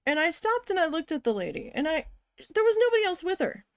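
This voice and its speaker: A woman's voice: very high voice, wildly swooping pitch, fast talker, no room sound. A woman chatting casually while she works on a craft, telling stories and talking to her cat. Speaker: crafting vlogger.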